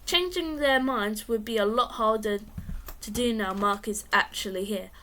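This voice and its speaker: High-voiced woman reading a children's book. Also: normal speed, slight background noise. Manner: lively, expressive read-aloud. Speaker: reader.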